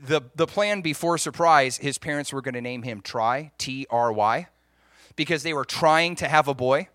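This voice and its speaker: A man preaching through a story, animated and acting out the voices of the people in it. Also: mid-range voice, normal speed, no room sound, studio quality. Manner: animated, acts out quoted voices. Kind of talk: sermon storytelling.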